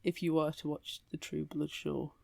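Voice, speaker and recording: A woman co-hosting a podcast, chatting casually about books and giving measured, thoughtful opinions. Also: sits low, fairly even intonation, gravelly, darkish tone, dry recording. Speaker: podcast co-host. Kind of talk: casual book-club chat.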